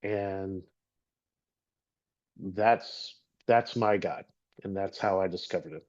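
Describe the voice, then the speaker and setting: A middle-aged man from Texas giving an earnest, halting personal testimony as a guest speaker, often repeating words as he gathers his thoughts. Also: deep voice, a little mellow. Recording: dull lo-fi recording.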